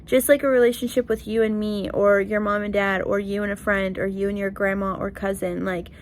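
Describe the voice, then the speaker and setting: A young woman talking straight to her viewers in an earnest, emotional vlog, filling her sentences with "like" and "you know". Her pitch sits in a middle range for a woman. A faint hiss of noise stays under her voice. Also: little pitch movement, fairly quick. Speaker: vlogger. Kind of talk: heartfelt casual vlog talk.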